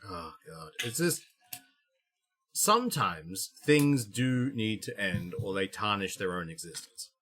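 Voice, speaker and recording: A man co-hosting a podcast in casual chat, animated and jokey. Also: fairly low pitch, slow pace. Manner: animated, jokey, puts on voices. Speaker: podcast co-host.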